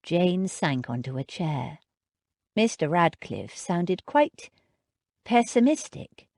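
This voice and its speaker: A woman narrating an audiobook in an expressive storytelling manner. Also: fairly low pitch, slow, no room sound, clean studio sound. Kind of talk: scripted narration. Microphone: close studio mic.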